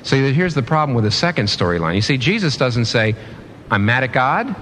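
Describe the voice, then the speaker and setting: A man's voice: medium pitch, sing-song, normal speed, a bit bright, slight background noise. A man preaching a sermon in an earnest way, often restarting and repeating phrases for emphasis.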